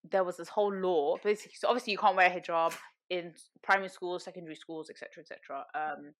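A woman's voice: on the low side, quick pace. Chatty young woman telling stories. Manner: animated storyteller, lots of fillers and laughter. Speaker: podcast guest. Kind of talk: casual chat.

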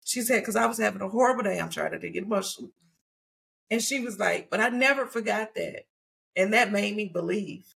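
A woman, hosting a casual faith conversation and telling stories with animated delivery and frequent laughter. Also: medium pitch, fairly quick, vocal fry. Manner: animated storytelling, laughing often. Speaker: podcast host.

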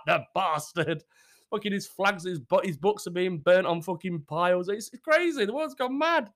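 Lively, sweary British man chatting. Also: sits high, slow, pauses often. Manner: sweary, jokey and sarcastic; animated, swings between loud outbursts and muttered asides. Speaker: channel host. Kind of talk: casual chat to viewers.

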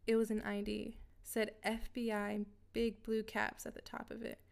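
A woman reading a scripted first-person story in a steady, even way. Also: fairly high pitch, moderate pace, gravelly. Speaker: narrator.

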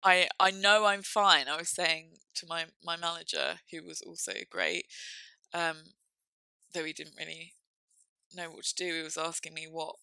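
A young woman speaking candidly and reflectively about a personal experience, halting now and then with fillers. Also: low voice, completely flat delivery, creaky, bright, forceful tone, no echo, rough recording.

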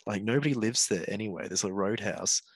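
A man's voice: on the low side, moderate pace, slightly rough, no room sound. An Australian man co-hosting a podcast, chatting in a rambling, opinionated way about film trailers. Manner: rambling, opinionated, frequent laughs. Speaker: podcast co-host. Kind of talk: casual chat reviewing film trailers.

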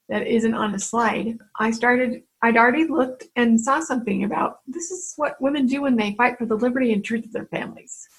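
A middle-aged woman speaks earnestly in a personal devotional talk aimed at women. Her voice sits a little high. She tells stories and acts out the voices of the people she quotes. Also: rough recording. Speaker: faith-based speaker addressing women.

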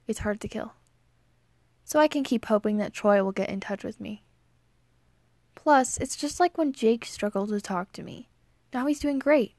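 A young woman with a fairly high voice reads her old diary entries aloud. She delivers them earnestly with a touch of mock drama. The recording is dry and close, with no room sound. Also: a little mellow, dry recording. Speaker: vlogger.

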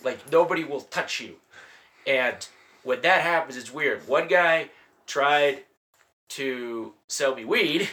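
A young man, a guest comedian, telling animated, laughing anecdotes in a casual podcast chat, holding the mic close to his mouth. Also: mid-range voice, takes it slowly. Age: young adult. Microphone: handheld mic held close to mouth.

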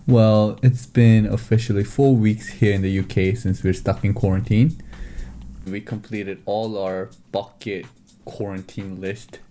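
A young university student co-hosting a casual podcast from home, teasing his friend in a wry, brisk way. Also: on the low side, fairly even intonation, dark tone, a little hiss or hum. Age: young adult. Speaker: podcast co-host. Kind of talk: casual chat. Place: bedroom hung with blankets.

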